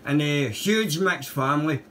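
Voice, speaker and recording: A man's voice: on the high side, measured pace, heavy background noise. A Glaswegian man chatting over amateur radio, friendly and talkative, calling the other man brother and mate. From Scotland. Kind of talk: casual radio contact chat.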